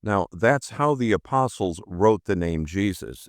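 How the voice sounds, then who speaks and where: A man's voice: lowish voice, very animated, normal speed, hardly any pauses, dry recording, studio quality. A man hosting a podcast, delivering scripted narration in an emphatic, rhetorical way. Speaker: podcast host.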